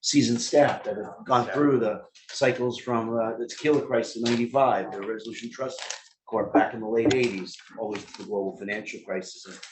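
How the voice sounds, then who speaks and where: A man's voice: fairly low pitch, a little fast, noisy background. A man with a Brooklyn New York accent, speaking as a family office advisor on a panel, rambling and joking with many fillers. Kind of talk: panel discussion.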